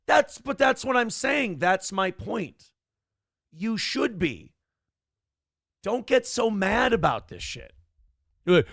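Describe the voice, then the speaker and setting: A man's voice: high-pitched, big pitch swings, slow pace, gravelly, a bit bright, no echo, clean studio sound. A man hosting a live-streamed morning show, talking casually and bluntly, swearing freely and reading out viewer donations.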